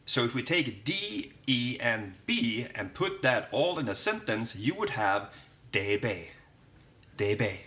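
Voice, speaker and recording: A man's voice: mid-range voice, very animated, unhurried, few pauses, sharp tone. A young man from southern Sweden with a Swedish accent, playfully explaining words in a casual language lesson. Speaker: language teacher.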